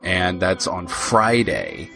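A low, slow man's voice with vocal fry, set against soft background music. He's from Indiana and co-hosts a podcast, chatting casually, laughing often, and trading animated banter.

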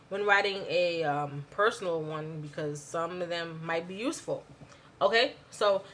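A woman's voice: mid-range voice, sharp tone. A woman giving tips on business emails in a chatty, conversational way. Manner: chatty and conversational, many fillers and asides. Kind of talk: casual spoken tutorial.

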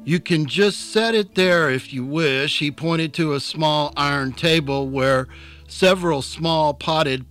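A man narrating an audiobook chapter in a calm, unhurried storytelling manner. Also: on the high side, dry recording.

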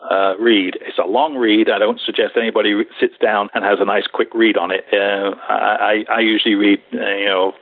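A man from England, speaking as a podcast guest over a thin, dry phone line. His voice is somewhat low and husky. He rambles through his stories and hesitates often. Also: level tone, fairly quick, hardly any pauses, no room sound. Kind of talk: interview podcast storytelling.

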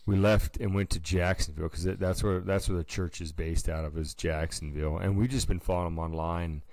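A man with a very deep voice co-hosts a casual chat podcast. He tells his story in a relaxed, slangy way. His voice sounds dry and close, with no room echo. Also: fairly quick. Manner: laid-back, slangy storytelling. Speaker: podcast co-host.

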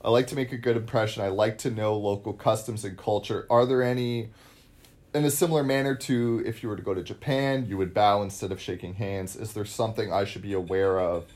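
Lower-voiced earnest businessman. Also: steady tone, fairly quick, darkish tone. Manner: earnest, polite business questions. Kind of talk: comedy sketch.

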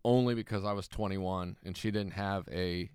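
A man's voice: deep voice, fairly even intonation, moderate pace, a little mellow, smooth, no room sound, clean studio sound. A young man from Kansas, a comedian in casual chat, self-mocking as he acts out old stage stories.

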